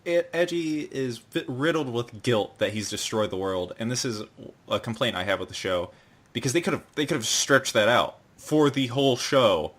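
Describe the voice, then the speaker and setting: A man's voice: medium pitch, expressive, normal speed, fairly bright tone. A man hosting a casual podcast chat, leading the discussion in a loose, profane way with plenty of fillers. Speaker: podcast host.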